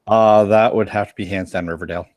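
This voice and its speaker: Male co-host, lowish voice, dry close recording, rambling joker who restarts sentences. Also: fairly even intonation, fast talker, darkish tone, dry recording. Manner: rambling storyteller with frequent restarts, joking and self-mocking. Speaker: podcast co-host reporting on a convention. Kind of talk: casual live-stream chat.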